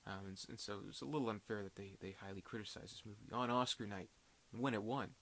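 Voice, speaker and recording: Male film reviewer, lowish voice, rambling casual delivery, light hiss on the track. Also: fast, a bit bright. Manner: rambling, full of fillers and restarts.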